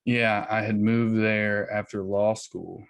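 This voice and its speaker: A man's voice: fairly low pitch, flat delivery, slow, vocal fry, clean tone. A man in his thirties, a guest comedian in a casual podcast chat, teasing and dry as he tells stories.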